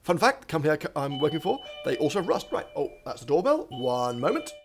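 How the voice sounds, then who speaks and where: A man's voice: fairly high pitch, big pitch swings, quick pace, faint music behind. A young man streaming himself coding at a standing desk in his home office, thinking aloud with lots of ums and asides, a bit out of breath. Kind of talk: live coding stream commentary.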